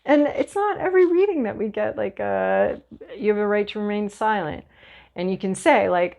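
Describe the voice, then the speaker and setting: Woman, tarot reader, casual chat, mid-pitched, animated, playful asides. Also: normal speed, creaky. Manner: chatty, animated, acts out little voices and asides. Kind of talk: casual spoken tarot reading.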